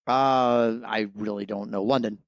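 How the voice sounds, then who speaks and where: A man's voice: fairly low pitch, fairly even intonation, unhurried, no room sound. Hesitant man thinking aloud, dry close sound. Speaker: quiz contestant. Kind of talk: casual game banter.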